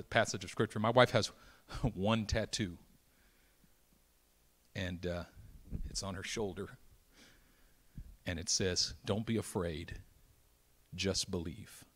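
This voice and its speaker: A pastor with a lowish voice delivers a dramatic sermon, moving from hushed lines to loud, building emphasis. He acts out the voices of Bible characters as he goes.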